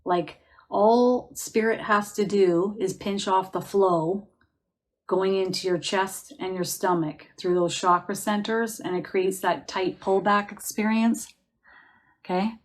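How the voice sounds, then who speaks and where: A woman working as a psychic medium, giving a live reading in a chatty, reassuring manner with soft laughs, guiding listeners to relax and feel the answers in their bodies. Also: medium pitch.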